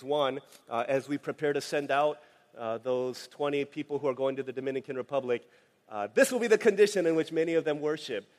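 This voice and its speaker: A man preaching a sermon in a relaxed, conversational way, telling a family story with many fillers. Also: a little high. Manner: conversational, anecdotal, frequent fillers. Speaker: pastor. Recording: long hall reverb.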